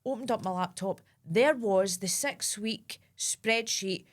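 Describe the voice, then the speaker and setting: A woman's voice: mid-range voice, slow pace. A Scottish woman co-hosting a chat show, telling a story with wry, dry asides. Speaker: co-host. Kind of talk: casual chat.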